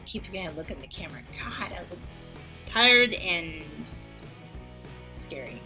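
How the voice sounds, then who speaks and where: A woman hosting her own oracle card vlog, talking casually to the camera with gentle encouragement and stumbling over her words in bloopers. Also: fairly low pitch, very animated, slow pace, pauses often, faint music behind. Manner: gentle, encouraging sign-offs. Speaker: oracle card reader and channel host.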